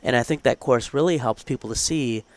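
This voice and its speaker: Brisk and mid-range in tone, a man who teaches theology at a college co-hosts a casual podcast. He comes across as earnest and chatty, thinking out loud and tossing in asides.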